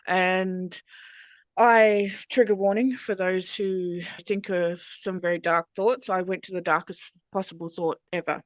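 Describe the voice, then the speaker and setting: An Australian woman, a hypnosis trainer, telling her personal story as a podcast guest in a frank, earthy, animated way. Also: lowish voice, unhurried, no echo.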